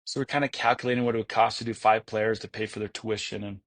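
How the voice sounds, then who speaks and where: An entrepreneur appearing as an interview guest tells stories with enthusiasm, rambling and using lots of fillers and restarts. His voice is lowish and level, and he talks fast with hardly any pauses in this casual storytelling.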